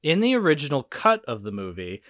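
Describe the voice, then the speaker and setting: A man's voice: mid-range voice, a little fast, no room sound, clean studio sound. A man hosting a casual film podcast, talking animatedly and swearing freely. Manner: animated, swearing, quoting film lines in put-on voices. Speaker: podcast host.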